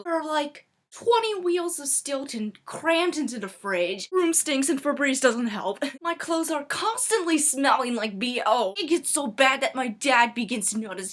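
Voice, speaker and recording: A woman's voice: a little high, measured pace. A woman telling a comedic story in a chatty way, full of fillers. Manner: animated, chatty, many fillers like "like".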